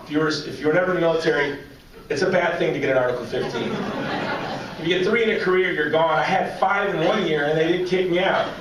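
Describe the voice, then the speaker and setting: A man in his forties giving a humorous personal story speech at a banquet, as an animated, joking storyteller. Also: a little high, fast. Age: 40s. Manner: joking, animated storyteller drawing audience laughs. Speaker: banquet speaker. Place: large banquet hall with audience. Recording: echoey hall, distant mic, faint noise.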